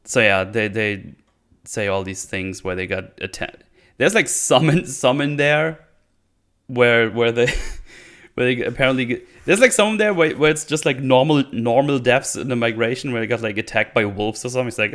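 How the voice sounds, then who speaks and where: A man at a desk mic rants through a TV episode recap in a sarcastic, foul-mouthed way. His voice sits at an ordinary middle pitch, and he often breaks into silly put-on character lines. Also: normal speed, fairly bright tone. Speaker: show host. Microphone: desk microphone on an arm.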